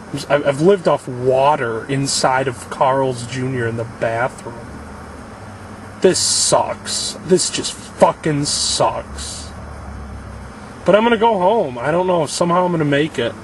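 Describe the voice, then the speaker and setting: A young man venting in a self-filmed vlog, frustrated and blaming himself, swearing often, recorded in a parking lot. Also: mid-range voice. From Illinois. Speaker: vlogger. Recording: distant mic with clear outdoor noise.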